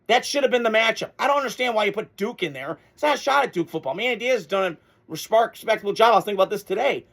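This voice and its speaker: A man's voice: sits high, bright, forceful tone. A man hosting a casual sports reaction video, talking in a blunt, fired-up way and swearing freely.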